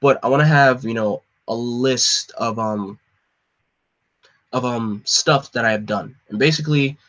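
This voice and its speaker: A man's voice: mid-range voice, a little slow, a bit bright, muffled recording. A young man hosting a live comic reading, talking casually and hesitantly with fillers. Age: young adult. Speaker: host reading a comic aloud.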